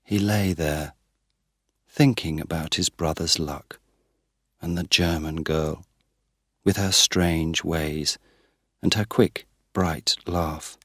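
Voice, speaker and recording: Slow, deep-voiced male storyteller. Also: fairly even intonation, fairly bright tone, no room sound, studio quality. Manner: slow, careful, plain delivery. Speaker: narrator. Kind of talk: graded-reader story narration.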